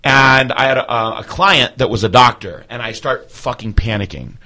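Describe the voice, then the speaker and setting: Young male guest, loose and profane, telling an animated story in plain conversation. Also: medium pitch, moderate pace. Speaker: guest athlete and trainer. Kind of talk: casual storytelling.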